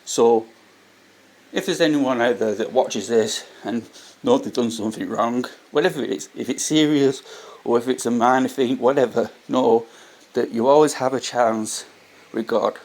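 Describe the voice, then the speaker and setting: A man's medium-pitched, slightly mellow voice moves at normal speed as he shares faith reflections to camera. His vlogging is earnest, casual and unscripted; he tends to repeat himself and restart his sentences.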